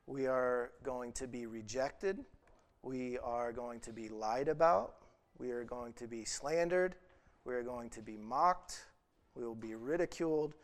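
A young man delivers an earnest sermon in a mid-range voice. He retells a parable and slips into pleading voices for its characters. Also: mid-range voice. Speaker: preacher.

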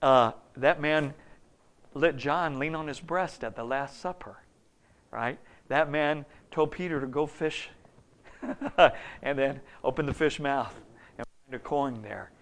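A man in his fifties gives a folksy sermon, his middle-pitched voice carrying a gravelly edge. He tells stories in a conversational way, sinking to near-murmurs and then climbing loud and high for emphasis. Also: slow. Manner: folksy, storytelling, swings between hushed and loud. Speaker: preacher.

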